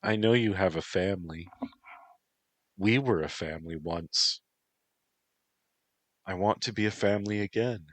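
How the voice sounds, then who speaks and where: A man's voice: sits low, unhurried, long pauses, no room sound. A man voicing an emotional young woman who pleads, cries and lashes out. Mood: pleading. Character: volatile, heartbroken young woman actress.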